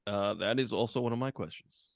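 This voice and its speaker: A man's voice: on the low side, brisk, vocal fry, dry recording. Dry-sounding man swearing in casual chat. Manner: crude, laughing, swears freely. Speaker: podcast co-host.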